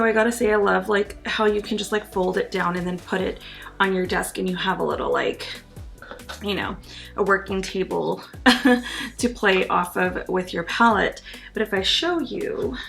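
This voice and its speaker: Chatty woman beauty vlogger with vocal fry. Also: medium pitch, normal speed, fairly bright tone, faint music behind. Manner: chatty and enthusiastic, frequent ums and laughs. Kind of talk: casual product review.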